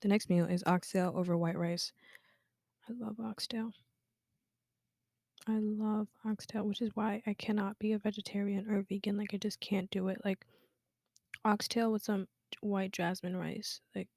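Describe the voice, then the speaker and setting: A woman's voice: mid-range voice, little pitch movement, normal speed, creaky, dark tone, dry recording, clean studio sound. A teenage woman from Guinea hosting a casual personal podcast, chatty and full of fillers, dropping to a whisper at times. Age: teens. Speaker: podcast host.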